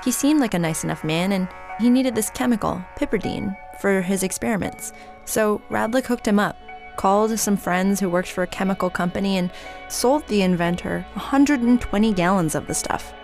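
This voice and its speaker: A woman host narrating a radio documentary in a plain, measured way. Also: medium pitch, a little mellow, faint music behind.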